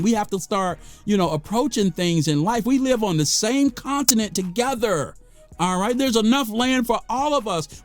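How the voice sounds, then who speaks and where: Animated, preachy American man vlogging. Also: sits high. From United States. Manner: preachy, emphatic, repeats phrases for stress; gets worked up, then calms himself. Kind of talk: impassioned monologue to camera.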